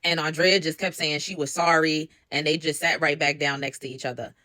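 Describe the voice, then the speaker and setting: A woman's voice: low-pitched, steady tone, fairly quick, pushed and bright, no room sound, clean studio sound. A woman giving a casual recap of a reality show, chatty and incredulous, with pointed asides. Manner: chatty, incredulous asides, quotes others with slang.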